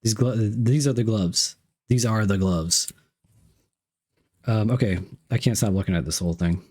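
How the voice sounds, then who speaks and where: A man's voice: on the low side, moderate pace, darkish tone. A young man streaming live, reading chat messages aloud and unboxing gifts, playful and repeating himself.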